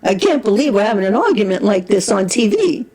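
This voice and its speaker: A woman with a New York accent, a returning guest on a talk show, scolding her husband forcefully and then gushing. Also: mid-range voice, big pitch swings, fairly quick, husky, low-quality recording. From Brooklyn, New York. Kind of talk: heated on-air couple argument.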